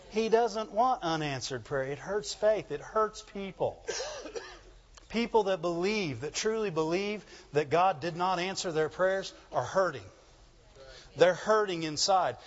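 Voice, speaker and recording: A male pastor preaching with a high voice and an animated call-and-response delivery. The recording is slightly dull and lo-fi. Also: a little slow. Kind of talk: sermon.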